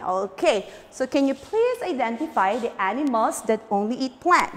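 A woman teacher leads a lesson for young children, drilling new words over and over and coaxing her class to repeat. Her voice sits high and swings widely in pitch, and she takes an unhurried pace. A long reverb trails behind her voice. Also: big pitch swings, fairly bright tone.

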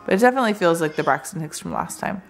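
A woman's voice: on the low side, lively intonation, rapid-fire, creaky. A young woman hosting a casual vlog, tired and in pain, talking to the camera from a couch at home. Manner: tired, resting on a couch, talks with laughs. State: in pain from contractions. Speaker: vlog host. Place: living room at home.

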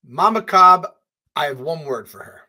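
A man co-hosting a podcast in casual chat, excitable and rambling, swearing freely with lots of fillers. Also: fairly high pitch, normal speed. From US Northeast. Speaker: podcast co-host.

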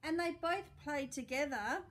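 A woman librarian reading a picture book aloud to children, expressive and asking questions as she goes. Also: high voice, measured pace. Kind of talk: storytime read-aloud for children.

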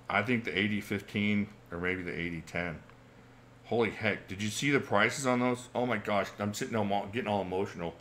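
Chatty low-voiced man in his forties. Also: fairly bright tone, a little hiss or hum. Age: 40s. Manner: chatty, reads viewer questions aloud, chuckles often. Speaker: channel host. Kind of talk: casual livestream Q&A.

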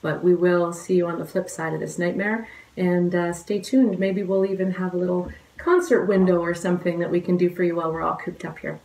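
A woman's voice: fairly low pitch, fairly even intonation, brisk, darkish tone, distant mic. A woman from a band giving a casual sign-off to fans after a song. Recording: echoey room with guitar.

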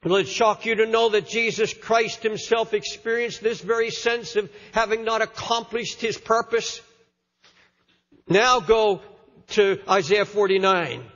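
A man's voice: high-pitched, fairly even intonation, measured pace, a bit bright. Older male pastor, impassioned sermon, muffled lo-fi tape. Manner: impassioned, repeats words as he preaches. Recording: lo-fi sermon recording in a hall.

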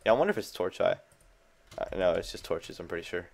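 A young gaming channel host talks fast in a low, gravelly, animated voice while keyboard clicks sound behind him. He chats casually, amused with himself and reacting jumpily to the game.

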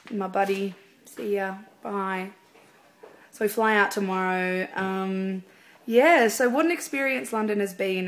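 A chatty woman records a casual video blog from a theatre dressing room. She rambles easily, filling the gaps with "um" and "yeah." Her voice sits at an ordinary, mid-range pitch. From Australia. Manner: chatty, rambling, lots of fillers. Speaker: singer.

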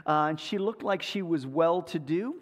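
A man preaching a sermon, telling a story in a playful, animated way. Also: a little high, normal speed. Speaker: pastor. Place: church sanctuary. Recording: echoey church livestream.

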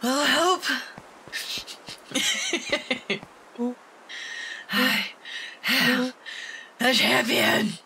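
A woman voicing an excitable, boastful young creature in a storybook game, over loud game music. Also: high-pitched, drawn-out words, long pauses, slight background noise, heavily acted, rough recording. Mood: gleeful. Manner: boastful, gleeful.

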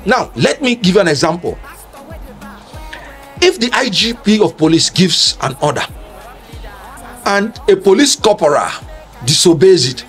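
A man's voice: high-pitched, fairly bright tone. Emphatic man lecturing on law. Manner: emphatic, argumentative, lecturing with rhetorical questions. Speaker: legal commentator. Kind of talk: public speech on law.

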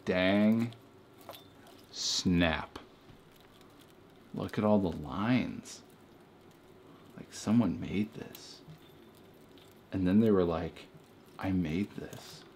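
A man's voice: sits low, extremely slow, pauses often, darkish tone, slight background noise. A young man doing a mock-serious comedy review at home, rambling into asides and apologizing for them. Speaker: comedy vlogger. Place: home beside a Christmas tree. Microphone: camera held by a friend.

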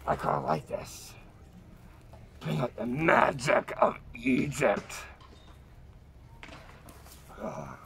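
A man voicing an ancient male mummy in a deep, gravelly, slow growl. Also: sing-song, fairly bright tone, slight background noise, heavily acted. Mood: menacing.

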